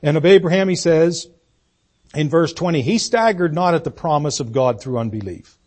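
A man in his sixties, a pastor preaching a folksy, self-deprecating sermon with halting restarts. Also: a little high, a little mellow. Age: 60s.

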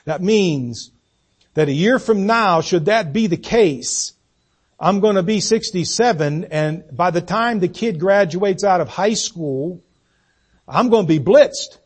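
A man in his sixties, a pastor preaching a folksy, self-deprecating sermon with halting restarts. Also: high voice, slightly rough. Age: 60s.

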